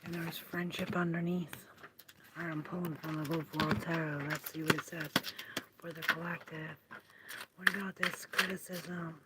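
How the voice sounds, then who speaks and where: A woman giving a live-streamed tarot reading, musing aloud and often drifting into soft half-whispers. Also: sits low, level tone, normal speed, heavy background noise. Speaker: tarot reader.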